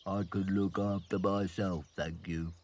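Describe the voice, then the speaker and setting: A man's voice: low-pitched, little pitch movement, a little slow, darkish tone. A man voicing a sleepy, grumpy hedgehog in a children's cartoon, mumbling drowsily. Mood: drowsy.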